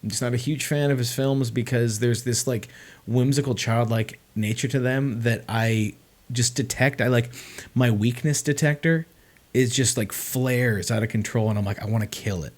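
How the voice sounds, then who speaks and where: Rambling, excitable young man streaming. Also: medium pitch, moderate pace. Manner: rambling, excitable, lots of "like" and "dude". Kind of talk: casual livestream chat.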